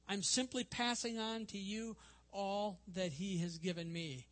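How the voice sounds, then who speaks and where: Earnest, high-voiced older male preacher. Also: unhurried, a bit bright. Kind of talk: sermon.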